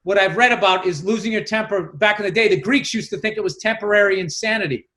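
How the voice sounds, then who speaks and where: A man's voice: high-pitched, quick pace, sharp tone. A man co-hosting a podcast, telling stories and acting out quoted voices in casual comedic chat. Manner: storytelling, acting out voices, swearing. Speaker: podcast co-host.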